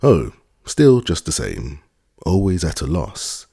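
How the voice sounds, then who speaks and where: A man voicing a grey-whiskered old landowner, gravelly and lecturing. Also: low-pitched, big pitch swings, slow, warm tone, dry recording, clean studio sound, full character voice. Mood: genial. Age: older. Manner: genial, reflective, slightly lecturing.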